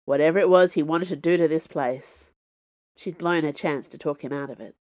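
Low-voiced woman reading her own fiction. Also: darkish tone, lo-fi sound. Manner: measured storytelling. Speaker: podcast host and author reading her fiction. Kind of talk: audiobook narration.

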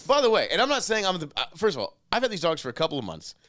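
A man's voice: high voice, wildly swooping pitch, very fast, fairly bright tone, no echo. A man co-hosting a laid-back podcast, his voice rising and falling a lot as he talks. He swears freely and laughs often, and the recording is very dry and close. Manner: loose and profane, laughs often. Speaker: podcast co-host. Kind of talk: casual chat. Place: house in Austin.

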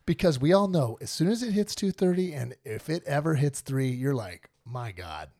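A man's voice: a little high, animated, moderate pace, mellow, no echo. A man hosting a podcast, casually retelling and joking about a Bible story with lots of laughs. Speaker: podcast host.

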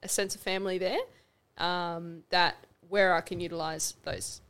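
A woman's voice: fairly low pitch, fairly even intonation, normal speed, fairly bright tone, smooth. A woman, a guest on a podcast, chatting casually and laughing through the banter.

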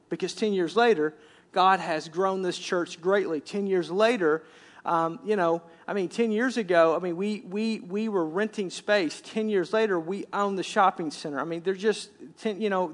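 High-voiced pastor preaching conversationally. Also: male voice. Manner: conversational preaching, repeats words, quotes scripture. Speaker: senior pastor. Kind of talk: sermon. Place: church sanctuary.

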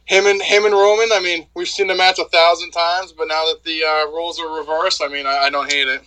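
A man co-hosts a casual wrestling chat in a fairly high, bright, tense voice. He is blunt and fills his sentences with "like" and restarts. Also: level tone, fairly quick, rough recording. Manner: filler-heavy, says "like" a lot, blunt. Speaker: co-host.

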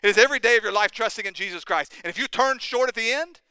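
A man's voice: very high-pitched, very fast, sharp tone, smooth, no room sound. A man preaching a sermon as pastor, impassioned and urgent, firing rising questions at the congregation.

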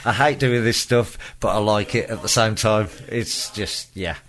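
A man's voice: on the low side, a little slow, fairly bright tone. A nervous man hosting a casual podcast chat, laughing often and swearing freely. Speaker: podcast host. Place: podcast studio. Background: music playing.

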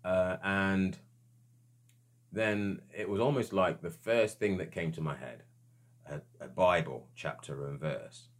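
A man with a strikingly deep, low voice speaks in an earnest, searching way. He stops and restarts often as he works through his thoughts, giving the account a halting, reflective feel. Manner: hesitant, halting, with frequent restarts. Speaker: storyteller.

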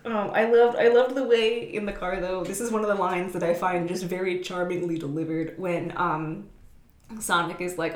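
A woman co-hosting a casual movie chat, animated and giggly, often acting out the lines she quotes. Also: lowish voice, moderate pace. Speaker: podcast co-host. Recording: roomy echo.

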